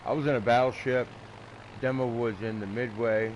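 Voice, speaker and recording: A man's voice: mid-range voice, steady tone, normal speed. A man giving casual, profane, rambling commentary while playing a naval battle game and talking to a friend. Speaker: gamer streaming naval battles. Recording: game noise behind.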